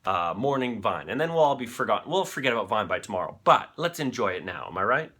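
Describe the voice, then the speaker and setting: A man's voice: on the low side, very animated, fast talker. A man hosting a live-stream show in loose, rambling chat, swearing freely and talking to his viewers.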